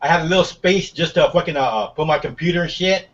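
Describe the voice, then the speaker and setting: A man's voice: on the high side, fast, a bit bright, far from the mic, dull audio. A laid-back man chatting casually over a video call, swearing freely. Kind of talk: casual chat.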